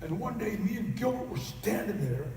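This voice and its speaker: A man on stage tells personal stories with a high, lively voice that swings widely, breaking into loud acted outbursts. He is heard from far off in a large, echoey convention hall with faint ambient noise. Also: moderate pace. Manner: animated, bursts of loud acted outbursts and laughter. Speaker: conference speaker. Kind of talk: personal storytelling speech.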